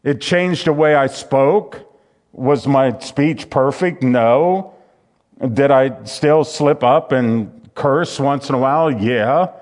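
A man's voice: medium pitch, takes it slowly, a little mellow. A man preaching a sermon, reading scripture aloud and commenting on it with frequent restarts.

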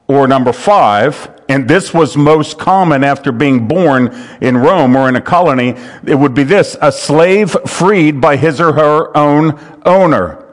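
Bible study teacher, male, a little higher voice, earnest, restarts a lot. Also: a little slow, hardly any pauses. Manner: earnest, repeats words as he restarts phrases.

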